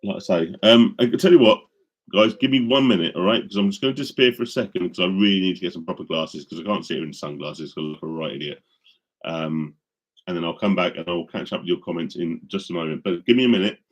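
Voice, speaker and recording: A deep-voiced, middle-aged man speaks quickly on a live stream, chatting with viewers into a studio microphone in a rambling way with many ums and false starts.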